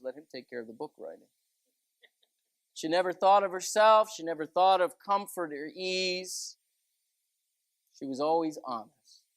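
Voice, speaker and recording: A male preacher with a creaky, mid-range voice gives a folksy, chatty sermon full of stories and "you know" asides. There's no room sound in the recording.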